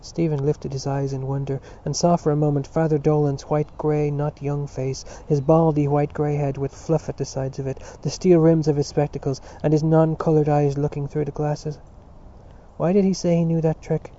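A man narrating a literary audiobook in a steady, sober reading voice, on a dull lo-fi recording. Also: on the high side, moderate pace.

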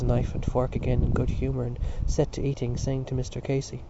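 Male audiobook narrator, measured delivery, muffled lo-fi sound with faint hiss. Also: medium pitch, monotone, dark tone.

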